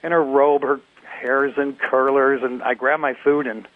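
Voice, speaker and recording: A man's voice: mid-range voice, fairly even intonation, a little slow, close to an everyday voice. A man voicing a weary middle-aged patient in pain who complains about his home life, over a tinny phone line. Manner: pained, complaining.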